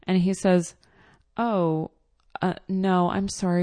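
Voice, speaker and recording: A woman's voice: lowish voice, level tone, measured pace, warm tone, no room sound. A woman telling a casual personal story in a chatty, exasperated way with lots of fillers.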